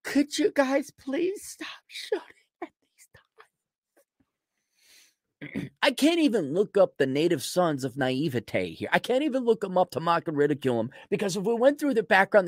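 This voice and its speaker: A man's voice: a little high, no echo, studio quality. A male podcast host delivering a ranting commentary, sarcastic, profane and mocking.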